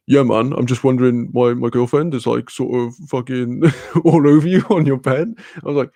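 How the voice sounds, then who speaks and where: Sweary man with a gravelly voice. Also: medium pitch, normal speed, dark tone, dry recording, clean studio sound. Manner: rambling, sweary, laughing, fillers. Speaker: streamer. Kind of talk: casual storytelling chat.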